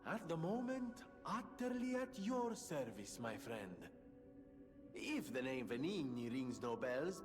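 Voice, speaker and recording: An actor voicing a theatrical, grandiose male gentleman inventor in his thirties, in video game dialogue. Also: high voice, heavily acted. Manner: grandiose, theatrical self-introductions. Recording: game audio with reverb and music.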